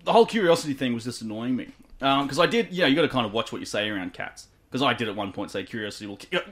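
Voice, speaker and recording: A man's voice: mid-range voice, expressive, very fast, a bit bright. A man with an Australian accent hosting a radio show, playful and hammy, laughing often. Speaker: radio host. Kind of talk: comedic radio banter.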